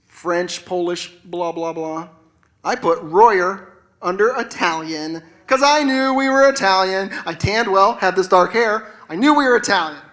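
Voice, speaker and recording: A man in his forties works through a self-deprecating stand-up set on stage, loose and conversational, with casual swearing. His voice is bright and forward. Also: high-pitched. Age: 40s. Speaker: stand-up comedian. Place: stage at an arts center.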